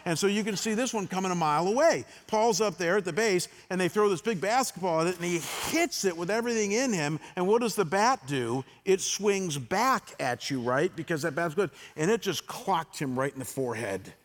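A middle-aged male pastor preaches a candid, story-driven sermon, his fairly high voice carrying through a church hall with a long, lingering reverb. He swings from loud re-enactments to quiet, reflective stretches. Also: animated, brisk, hardly any pauses. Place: church sanctuary.

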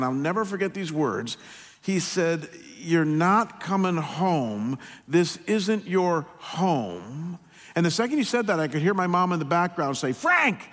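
A middle-aged male pastor telling a personal story in a sermon, slow and earnest, often pausing. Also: high voice, a little hiss or hum. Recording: long hall reverb.

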